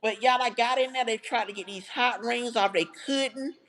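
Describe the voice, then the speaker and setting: Lady on her livestream, slightly high voice, chatty and heartfelt, talking right to the chat. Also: normal speed, fairly bright tone. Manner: heartfelt, chatty, addresses viewers directly. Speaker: livestream host. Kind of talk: casual livestream storytelling to chat.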